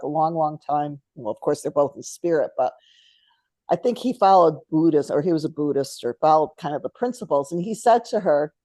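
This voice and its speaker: A middle-aged woman talks casually, spinning anecdotes and jokes as a talk show co-host. Her voice sits low and sounds mellow and relaxed. The recording is dry, with no room around it. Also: no room sound. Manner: storytelling, chatty, laughs often. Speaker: podcast co-host. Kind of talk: casual spiritual chat.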